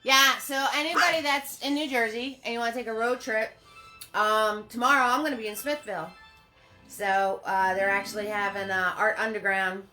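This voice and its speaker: A woman's voice: fairly high pitch, steady tone, moderate pace, pushed and bright, faint music behind. A woman hosting a live painting lesson from her home. She chats with viewers, greets them by name and laughs often. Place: home studio.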